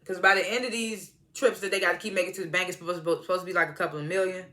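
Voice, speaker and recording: A man's voice: sits high, steady tone, rapid-fire, bright, forceful tone. A man giving a casual, profane, slangy review of a TV episode, laughing often as he recounts the scenes.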